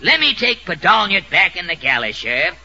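A harried folksy showboat captain. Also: male voice, high-pitched, big pitch swings, a little fast, bright, forceful tone, slightly rough, highs cut off, heavily acted. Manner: folksy Southern dialect. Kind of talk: 1930s radio comedy acting. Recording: hissy 1930s radio recording.

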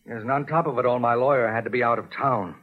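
An actor playing an irritable, sarcastic husband in a 1940s radio soap, in a tinny old broadcast. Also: male voice, medium pitch, quick pace, close to an everyday voice. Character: exasperated grumbling male stage star husband.

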